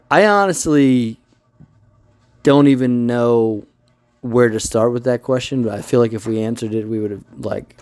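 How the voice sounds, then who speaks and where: A man's voice: mid-range voice, darkish tone, no echo. A man in casual podcast chat, musing loosely and thinking aloud.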